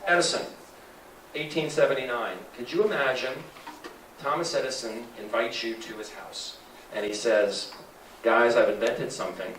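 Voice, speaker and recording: A man giving an animated sales presentation to a live audience, asking the room questions. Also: medium pitch, moderate pace, a little hiss or hum. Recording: echoey room from a distance.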